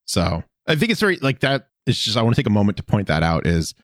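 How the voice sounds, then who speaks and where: A man's voice: on the low side, big pitch swings, quick pace, no room sound, studio quality. A man co-hosting a podcast, casually recapping episodes with playful asides. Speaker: podcast co-host.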